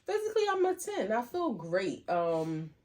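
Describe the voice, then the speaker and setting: A woman's voice: mid-range voice, huge pitch swings, normal speed, darkish tone. A woman co-hosting a podcast in casual chat, upbeat and chatty with frequent fillers. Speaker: podcast co-host.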